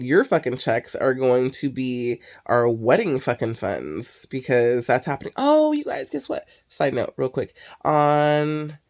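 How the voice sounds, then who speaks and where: A young woman host chatting casually and candidly, rambling and swearing freely. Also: a bass voice. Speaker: podcast host. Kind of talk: casual chat.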